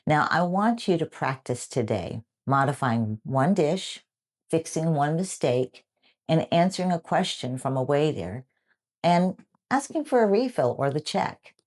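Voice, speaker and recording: A woman teaching English in a clear, slow lesson delivery, acting out example phrases. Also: low voice, animated, a little mellow.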